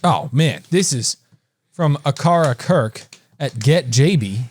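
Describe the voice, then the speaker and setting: A man's voice: a little high, expressive, slow, a little hiss or hum. A man co-hosting a movie podcast in casual chat, chatty and self-deprecating. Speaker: podcast co-host.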